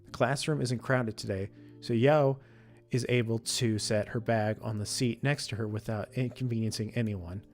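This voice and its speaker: A man reading a visual novel's story text aloud, steady with frequent slips and self-corrections. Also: fairly low pitch, moderate pace, soft background music. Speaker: let's play streamer reading a visual novel.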